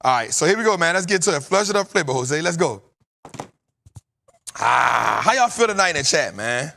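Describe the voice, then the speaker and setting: A man with a New Orleans accent hosting a casual podcast chat, animated and laughing often, repeating himself. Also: on the high side, moderate pace, vocal fry. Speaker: podcast host.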